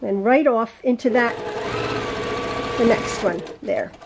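A woman's voice: a little high, slow, gravelly, very noisy. A woman giving a chatty home sewing tutorial, rambling and correcting herself as she works at the machine. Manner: rambling, self-correcting, talks while sewing. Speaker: quilting teacher.

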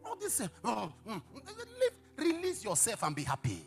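High, lively-voiced preacher man. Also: normal speed, vocal fry, faint music behind. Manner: dramatic storytelling, sudden shouts and hushed asides. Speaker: pastor. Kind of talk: sermon. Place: church service.

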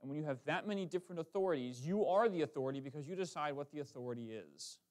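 Lively conversational preacher, a bit high. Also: male voice. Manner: lively, conversational preaching with quick asides and self-corrections. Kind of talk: sermon. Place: church sanctuary.

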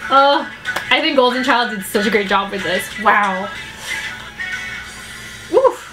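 A woman's voice: a little high, expressive, slow pace, rough recording. Gasping, exclaiming woman reacting to a video. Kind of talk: music video reaction vlog. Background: music video playing.

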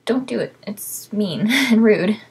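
A woman's voice: medium pitch, lively intonation, slow, gravelly, darkish tone, breathy edge. A woman with a South Texas accent chatting casually to the camera as a vlogger, with lots of ums. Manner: chatty, many ums, laughs between answers.

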